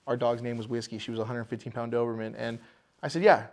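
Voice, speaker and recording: A man's voice: medium pitch, steady tone, fast, darkish tone. Guy who owns a bar telling his story on a podcast, does the voices when he quotes people. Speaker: bar owner, podcast guest. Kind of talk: casual storytelling interview.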